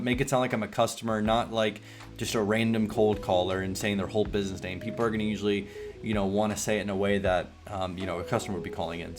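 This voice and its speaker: Fast-talking Southern man coaching casually. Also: fairly low pitch. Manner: relaxed, rambling, drawling. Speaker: online business coach. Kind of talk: casual sales tutorial.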